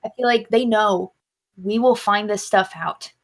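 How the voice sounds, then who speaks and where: A woman's voice: medium pitch, measured pace. A woman co-hosting a casual gaming stream, chatting with enthusiasm. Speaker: podcast co-host.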